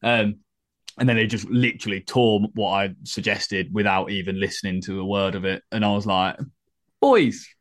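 A man's voice: fairly low pitch, flat delivery, fairly quick, fairly bright tone. A man chatting as a guest on a podcast, blunt and jokey with strong opinions. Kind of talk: casual podcast chat.

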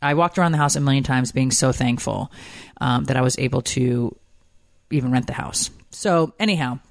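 Woman in her forties, co-host, lively rambling storyteller, dry close sound. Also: rumbling low, moderate pace, creaky, no echo. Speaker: podcast co-host. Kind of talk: casual chat.

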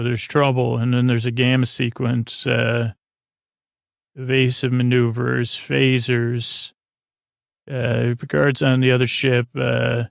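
Brief: man, rambling slangy storyteller, gravelly, monotone delivery. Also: mid-range voice, no room sound. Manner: rambling, slangy, many filler pauses. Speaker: podcast storyteller. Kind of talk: casual bedtime story retelling.

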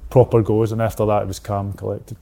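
A man with a Scottish accent, a former footballer, recalling matches in a slow, low-key casual chat. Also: monotone, gravelly, warm tone.

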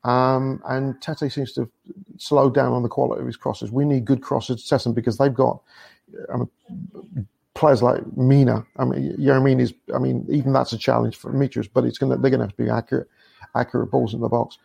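Gravelly, husky man chatting football. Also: mid-range voice, level tone, a little fast, darkish tone, dry recording. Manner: chatty, laughs often, restarts sentences. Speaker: football podcast guest. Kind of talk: casual chat.

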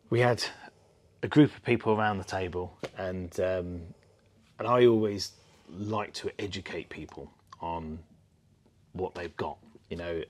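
A man co-hosting a casual podcast chat, telling anecdotes in a lively way. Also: low-pitched. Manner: storytelling, animated with quoted voices. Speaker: podcast co-host.

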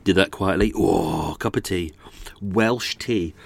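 A lower-pitched man talks into a close microphone, and the sound is dry with no room echo. He rambles casually through his podcast with plenty of asides and restarts. A slightly blocked nose colours his voice. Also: takes it slowly, gravelly. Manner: chatty and meandering, frequent restarts and asides. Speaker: podcast host. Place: on a houseboat. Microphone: studio microphone close up.

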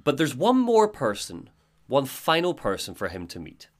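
A man's voice: mid-range voice, huge pitch swings, normal speed. A man co-hosting a casual podcast, retelling a game's story with laughs. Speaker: podcast co-host retelling a game. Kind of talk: casual chat.

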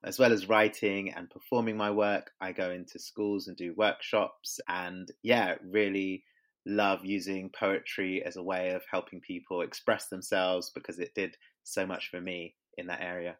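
Man, poet being interviewed, low voice, measured and reflective. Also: little pitch movement, a bit bright. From England. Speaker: poet and author. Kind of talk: interview answers.

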